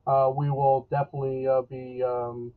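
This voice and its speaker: A man's voice: medium pitch, little pitch movement, normal speed, clear, resonant tone. New weatherman on a tinny line. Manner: rambling, folksy, with many fillers and restarts. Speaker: local weather forecaster. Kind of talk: casual live interview.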